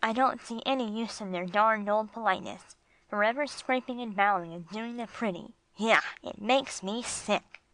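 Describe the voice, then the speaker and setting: A woman voicing a gruff, streetwise male bulldog with slangy tough-guy talk, read for an audiobook. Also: mid-range voice, moderate pace, fairly bright tone, close to an everyday voice, low-quality recording.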